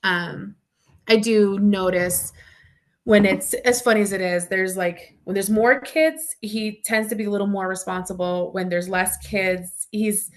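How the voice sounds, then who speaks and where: A woman's voice: mid-range voice, steady tone, a little slow. A woman who teaches young children, talking casually in a coaching session, chatty, laughing often and acting out what the kids say. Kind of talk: casual conversation.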